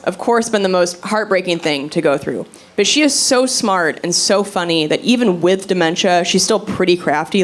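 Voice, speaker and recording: A woman performing a brash, animated stand-up set on a club stage. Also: medium pitch. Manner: brash, animated storytelling with quoted voices. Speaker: stand-up comedian. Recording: loud crowd and room noise. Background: crowd laughing.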